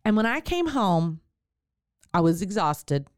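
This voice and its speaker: A woman's voice: fairly low pitch, very animated, measured pace, no room sound, studio quality. A woman, hosting a podcast and telling a personal birth story, then giving chatty advice straight to her listeners. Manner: chatty, with fillers and direct address to listeners. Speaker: podcast host and birth worker.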